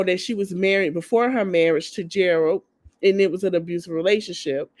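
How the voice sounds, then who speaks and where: Woman podcast host, casual gossipy recapper, slangy, talks right to her audience. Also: medium pitch. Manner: chatty gossipy storytelling, slangy, addresses listeners as y'all; acts out the people she quotes.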